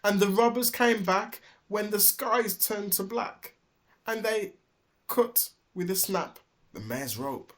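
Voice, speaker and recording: A dad reading a rhyming picture book aloud at an unhurried pace, his voice rising and falling in a lively sing-song. Every rhyme comes out expressive and clear. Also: sits high. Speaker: storybook reader. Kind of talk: rhyming storybook read-aloud.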